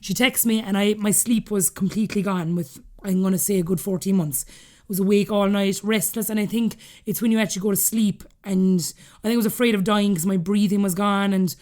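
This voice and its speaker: A woman from Ireland with a Cork accent, in her thirties, rattles through a story at a quick clip. She is a guest on a podcast, chatting freely and breaking into laughter between phrases. Her voice sits at an ordinary middle pitch for a woman. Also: steady tone, warm tone. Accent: Irish, Cork. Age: 30s. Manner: chatty, laughing often while telling stories. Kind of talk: casual storytelling interview.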